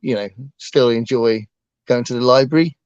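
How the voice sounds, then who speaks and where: A man's voice: mid-range voice, normal speed, darkish tone, smooth, no room sound, muffled recording. A man co-hosting a casual book livestream, talking hesitantly with lots of ums and restarts. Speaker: book channel co-host.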